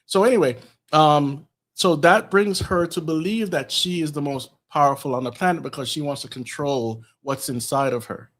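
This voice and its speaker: A man's voice: a little high, normal speed, fairly bright tone. A man on a podcast recapping a film's plot in casual chat, rambling along with lots of ums and restarts. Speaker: podcast co-host.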